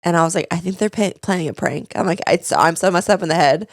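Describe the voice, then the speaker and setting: A young woman co-hosting a podcast, telling stories in an animated, chatty way. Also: on the low side, fast, dry recording, studio quality. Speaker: podcast co-host. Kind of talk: casual chat.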